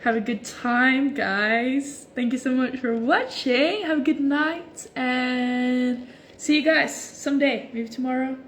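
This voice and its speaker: A woman's voice: sits high, slow, slight background noise. A young woman hosting a casual livestream from home on her phone, chatting easily with lots of "like" fillers as she answers viewer comments. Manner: relaxed and chatty, many "like" fillers. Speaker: livestream host. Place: at home while stretching.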